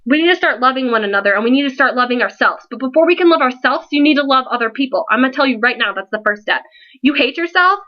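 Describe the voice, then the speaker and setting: Teen girl, high-pitched, worked-up vlog appeal, lo-fi webcam sound. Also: animated, fast talker. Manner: earnest and emotional, pleading and scolding by turns. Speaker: founder of an online support page. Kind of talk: impassioned vlog speech to followers.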